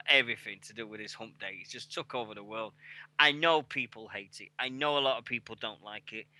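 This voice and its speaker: An English radio host in his forties chats casually into a headset mic, swearing a lot, rambling, and laughing at himself. His voice is medium-pitched with a sharp tone, and the recording is dry.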